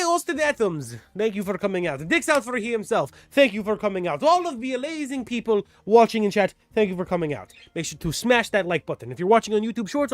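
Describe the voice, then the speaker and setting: Greeting his chat and recapping the story so far, a livestream dungeon master rambles in an animated way, often repeating himself. He has a very high-pitched voice, and the recording has no echo.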